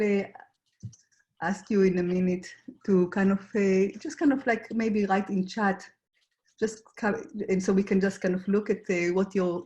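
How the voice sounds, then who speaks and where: A woman who grew up in Israel, gently guiding a reflection exercise in an online workshop, with frequent pauses and fillers. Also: mid-range voice. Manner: gentle, hesitant, many fillers. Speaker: workshop facilitator.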